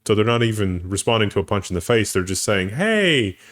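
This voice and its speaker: Fast and steady, with a voice on the low side, a man co-hosts a casual tech news show. He thinks aloud, restarts his phrases, and laughs easily.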